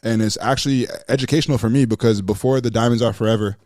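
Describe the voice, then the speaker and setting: Fast-talking man, casual podcast chat. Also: mid-range voice, no room sound, studio quality. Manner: quick, excitable, rambling with fillers. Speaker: podcast co-host. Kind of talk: casual movie discussion.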